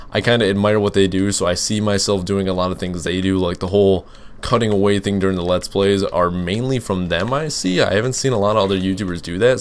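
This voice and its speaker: A man's voice: lowish voice, a little hiss or hum. A young man who makes gaming videos, answering viewer questions while playing, rambling with lots of fillers and restarts. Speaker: gaming YouTuber. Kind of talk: casual Let's Play commentary with Q and A.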